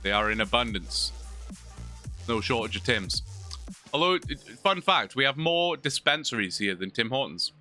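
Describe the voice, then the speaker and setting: A man's voice: medium pitch, very animated, normal speed, sharp tone, faint music behind. A British man from England, chatting casually and joking with viewers during a live gaming stream. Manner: chatty, joking, many restarts.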